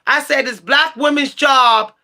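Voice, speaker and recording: At a measured pace, a tarot channel host rants at her livestream chat, her high voice bright and cutting. She's sassy, outspoken, and foul-mouthed, and her temper pushes her into shouting.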